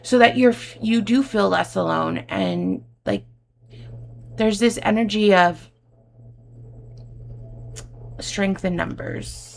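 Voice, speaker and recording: A woman's voice: medium pitch, lively intonation, slow pace, vocal fry, pauses often, slight background noise. A woman giving an effusive, emotional tarot reading to her viewers, calling them babe and my love. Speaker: tarot reader.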